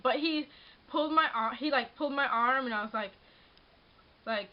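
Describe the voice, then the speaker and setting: High-voiced young woman telling a story. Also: normal speed, dull audio. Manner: animated, exasperated, frequent laughs and "like". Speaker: vlogger. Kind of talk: casual storytelling vlog.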